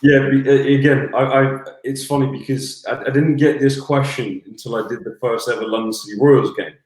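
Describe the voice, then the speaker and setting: Rambling commentator in a roomy echo. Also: male voice, mid-range voice, fairly even intonation, normal speed, darkish tone. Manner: earnest, rambling storyteller. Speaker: basketball commentator, guest. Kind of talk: casual interview chat.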